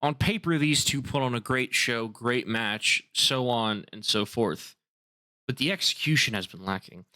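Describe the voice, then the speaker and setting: A man with a mid-range, sharp-toned voice hosts his own podcast, recapping wrestling in a casual, opinionated way. He swears freely and throws in quick asides.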